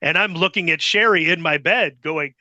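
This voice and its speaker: Bright-voiced middle-aged man telling a story. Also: on the high side, moderate pace, no echo, lo-fi sound. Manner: rambling, filler-heavy, acts out quotes. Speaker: podcast guest telling wrestling stories. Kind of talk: casual anecdote telling.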